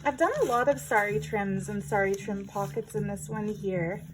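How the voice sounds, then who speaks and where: A woman's voice: medium pitch, moderate pace. A woman chatting casually through a craft journal flip-through, with playful self-aware asides. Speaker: junk journal crafter showing her work. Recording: noticeable background noise.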